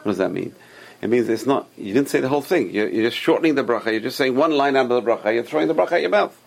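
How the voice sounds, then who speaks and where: A man's voice: medium pitch, lively intonation, rapid-fire, creaky. A man teaching an informal Torah class, explaining Hebrew sources and giving emphatic warnings.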